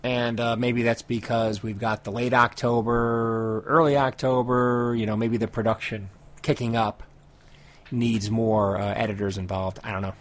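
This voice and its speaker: A man co-hosting a podcast, reading a steady story recap and then chatting with a few fillers. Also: medium pitch, moderate pace. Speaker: podcast co-host summarizing comics. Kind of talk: recap narration and casual chat.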